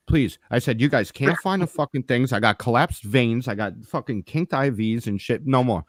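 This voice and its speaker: A man's voice: mid-range voice, fairly quick, dry recording, clean studio sound. A man telling a story in casual podcast chat, swearing often and acting out each exchange of dialogue with animation. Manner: profane, animated, acts out dialogue. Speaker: podcast co-host.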